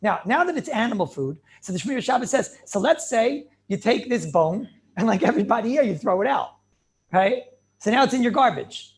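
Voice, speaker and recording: A man, a rabbi, giving a lively class, asking questions, laughing often and repeating words as he restarts. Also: very high-pitched, a little fast. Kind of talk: lively Talmud class lecture.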